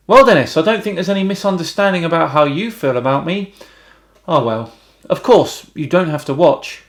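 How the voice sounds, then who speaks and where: A British man hosting a YouTube channel, reading out viewer comments and answering them with wry, deadpan remarks. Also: a little high, normal speed. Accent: British English. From Britain.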